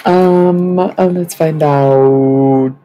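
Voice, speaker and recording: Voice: mid-range voice, steady tone, extremely slow, warm tone, slight background noise, poor audio. A livestreamer talking casually and swearing a lot, rambling with many fillers while claiming to channel spirits. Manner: rambling, profane, lots of fillers.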